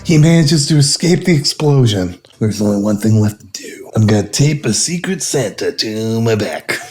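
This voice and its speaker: A man narrating a drunk retelling of an action movie, rambling and giggling, slipping into quick silly character voices. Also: lowish voice, expressive, darkish tone, soft background music.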